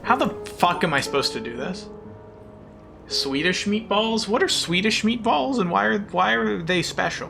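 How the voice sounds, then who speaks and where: A man with a high-pitched, creaky, sharp voice streams a puzzle game at a moderate pace, sounding animated in casual chat. Frustrated and self-mocking, he swears often and thanks viewers as he plays. Music plays behind the game stream.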